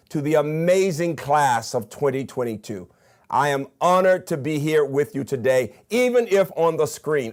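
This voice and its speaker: A man's voice: on the high side, darkish tone. An older man from Birmingham with a Southern accent, giving a recorded commencement address to graduates in an emphatic, enthusiastic way and counting off his points. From Birmingham, Alabama. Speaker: commencement speaker, university president.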